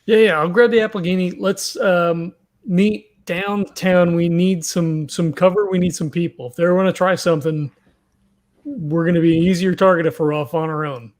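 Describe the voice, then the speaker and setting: A man's voice: sits high, steady tone, normal speed. Casual, swearing man player. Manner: casual, swears, hesitant fillers. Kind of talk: casual tabletop play.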